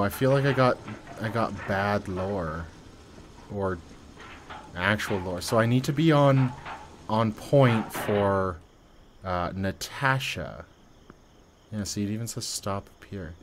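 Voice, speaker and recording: A man giving casual, joking commentary while playing a horror game. He reads on-screen text aloud and swings between quiet muttering and loud yelps. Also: on the low side, a little hiss or hum. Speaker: let's play gamer.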